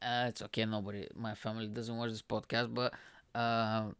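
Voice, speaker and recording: A man's voice: fairly low pitch, level tone, normal speed, fairly bright tone, smooth, dry recording. Young male comedian from Bulgaria, podcast host, rambling slangy storyteller; clean, resonant voice, close and dry. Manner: loose, slangy, says "bro" and "like" a lot. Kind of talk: casual storytelling monologue.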